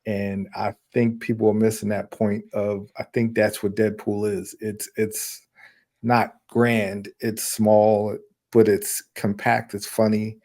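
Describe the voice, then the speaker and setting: A man with a low, mellow voice and little rise and fall. He builds his case about a film steadily, one point after another. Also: level tone, takes it slowly. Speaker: panelist. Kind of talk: casual film review chat.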